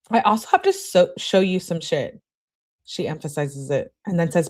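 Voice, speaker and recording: Low-voiced woman reading texts aloud. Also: lively intonation, moderate pace, a little mellow. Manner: reads quoted messages with a lifted, emphatic delivery. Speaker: true crime channel host. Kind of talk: reading text messages aloud on a livestream.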